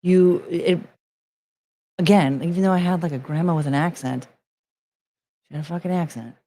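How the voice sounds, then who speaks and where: A woman in her forties chatting casually on a livestream, rambling and excitable, swearing freely, with sudden loud outbursts. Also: fairly low pitch, normal speed. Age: 40s. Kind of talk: casual livestream chat reading viewer messages.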